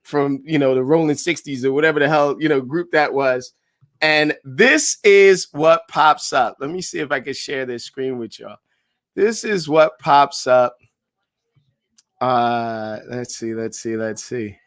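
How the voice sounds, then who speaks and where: A man with a mid-range voice runs a live coaching stream as a sales director. He talks in a hyped, slangy way and keeps shouting out viewers by name. His voice jumps up high whenever he gets excited, and it is picked up on a computer mic. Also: measured pace, no room sound, clean studio sound. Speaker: sales director leading a live call session.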